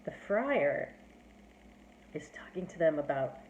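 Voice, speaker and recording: A woman's voice: sits low, big pitch swings, slow pace, darkish tone, dull audio, a little hiss or hum. Chatty woman in an echoey room. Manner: chatty, filler-heavy with "like" and "you know". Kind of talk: casual plot summary. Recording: roomy echo.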